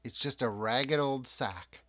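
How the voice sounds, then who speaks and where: A man narrating and rules-explaining a solo tabletop role-playing game in an unhurried, chatty way. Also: mid-range voice. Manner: unhurried, chatty, lively ups and downs. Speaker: game master and player.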